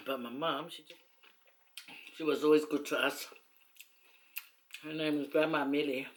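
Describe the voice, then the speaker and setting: A middle-aged woman with a Samoan accent, telling stories casually to the camera in a rambling, teasing way, laughing often. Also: sits low. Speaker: mukbang vlogger. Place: indoors at home, seated on a long chair.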